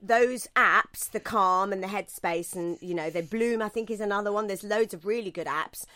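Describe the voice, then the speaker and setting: Bright-voiced British woman, chatty and sweary. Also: mid-range voice, moderate pace. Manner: chatty, swears, animated self-mocking storytelling. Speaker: podcast co-host. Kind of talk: casual podcast chat.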